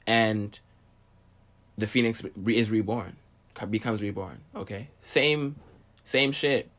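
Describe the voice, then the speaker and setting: A man's voice: lowish voice, slow pace, fairly bright tone. A young man talking casually to camera in a rambling, profane monologue, often checking in with "okay?", and short of breath. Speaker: video host.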